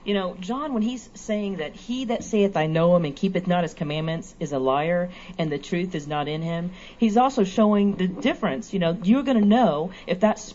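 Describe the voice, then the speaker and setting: Quiet, low-voiced woman in a Bible talk. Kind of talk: casual religious discussion. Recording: dull lo-fi recording with faint noise.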